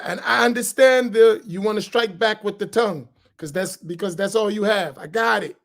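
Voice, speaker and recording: A man, an imam on a panel, giving earnest, deliberate advice and repeating key phrases. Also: high voice, creaky.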